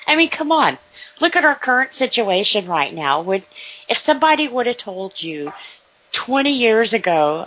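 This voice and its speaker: Female podcast co-host, bright and unhurried, jokey banter, dull lo-fi sound. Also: on the high side, very animated. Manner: laughing, joking banter. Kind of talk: casual chat.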